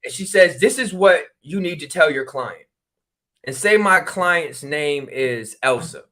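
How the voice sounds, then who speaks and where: Telling a casual story, this spiritual regression practitioner from New Haven, Connecticut, speaks in an easygoing, talkative manner. His pitch is high, his tone bright and strong, and he plays out every part of the exchange with sudden, lively outbursts.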